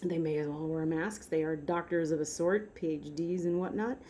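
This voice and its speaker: A woman's voice: deep voice, steady tone, moderate pace, mellow. A woman vlogger chatting casually and rambling, with frequent "like" and "um.". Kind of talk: casual chat.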